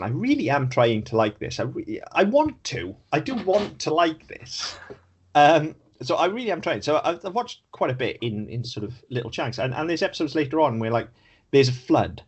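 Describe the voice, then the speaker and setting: Husky man, frank casual chat. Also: mid-range voice. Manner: animated, frank, swears casually. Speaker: podcast co-host.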